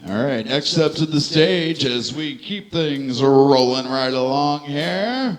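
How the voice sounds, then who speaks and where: A man's voice: fairly high pitch, animated, slow, slight background noise. A man emceeing a comedy night, hyping the crowd and introducing the next comedian. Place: comedy club stage.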